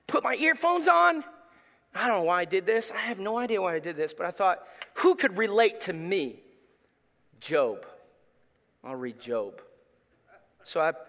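Man, pastor, sermon, high-pitched, bright forceful tone, impassioned, long hall reverb. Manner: impassioned, rising to shouts when retelling his prayers. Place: church hall.

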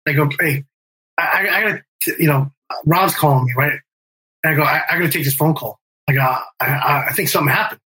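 A man's voice: fairly high pitch, fast, sharp tone, slightly rough, low-quality recording. A middle-aged man telling a long story in casual interview talk, rambling with fillers and restarts and swearing. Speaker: guest, band member and music manager.

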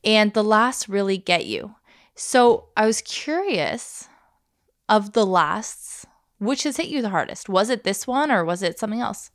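A woman's voice: mid-range voice, expressive, unhurried, no echo, clean studio sound. Chatty woman co-hosting a podcast. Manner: chatty, storytelling, laughs easily. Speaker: podcast co-host. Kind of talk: casual chat.

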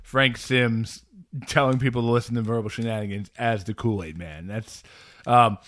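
A man's voice: mid-range voice, fairly even intonation, normal speed, a bit bright, no room sound, studio quality. A man hosting a podcast, rambling through a story with frequent laughs and fillers. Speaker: podcast host. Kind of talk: casual chat.

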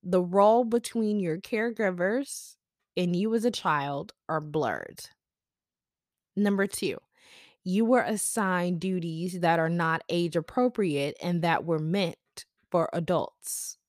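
Young woman host, lowish voice, dry close sound, chatty and reflective, lots of "like" and "you know". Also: takes it slowly, no room sound. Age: young adult. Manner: conversational, many fillers, personal asides. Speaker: podcast host. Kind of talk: casual reflective talk on psychology.

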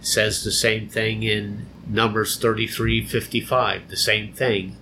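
Slow-talking man teaching scripture. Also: on the low side, flat delivery, background noise. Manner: unhurried, explanatory, repeats phrases for emphasis. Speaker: Bible teacher. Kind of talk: conversational Bible teaching.

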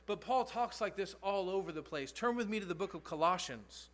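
A man's voice: high voice, brisk, few pauses. A man pastor preaching a sermon, earnest and emphatic, repeating key phrases for stress.

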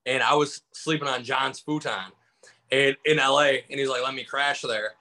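A man's voice: medium pitch, steady tone, moderate pace, bright, forceful tone, poor audio. A man from Michigan, a comedian telling stories over a video call in a loose, rambling way with lots of fillers. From Michigan, USA. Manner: rambling, many fillers, acts out quotes. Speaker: comedian guest. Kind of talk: casual storytelling interview.

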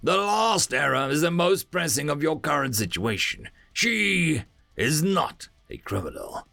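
Man as a calm, menacing soldier. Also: a little high, vocal fry, dry recording, faint music behind, voice pushed up, full character voice. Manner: slow, flat menace. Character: cold, calm male soldier.

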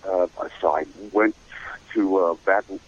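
An older man, a voice actor, telling career stories in a casual interview, animated and slipping into voices. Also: sits low, a little slow, lo-fi sound. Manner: animated storyteller who slips into voices. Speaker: voice actor guest.

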